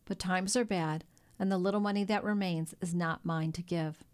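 A woman's voice: lowish voice, steady tone, moderate pace, close to an everyday voice. A woman doing a kindly ruined shipowner. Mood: sad. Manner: gentle, melancholy.

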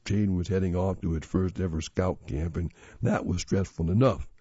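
A man narrating a children's story in a steady, expressive reading voice. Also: low-pitched, normal speed, breathy edge, no room sound. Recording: slightly dull lo-fi audio.

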